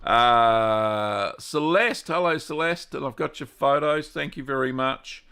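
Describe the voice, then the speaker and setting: A man with an Australian accent hosting a live stream, greeting viewers one by one in a relaxed, chatty way. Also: medium pitch, slow pace, smooth. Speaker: host of a cheese-making livestream. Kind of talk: casual live-stream chat.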